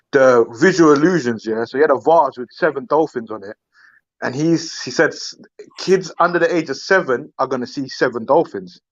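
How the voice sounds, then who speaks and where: A man's voice: medium pitch, highs cut off. A man talking casually on a panel, often stopping and restarting. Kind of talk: casual chat.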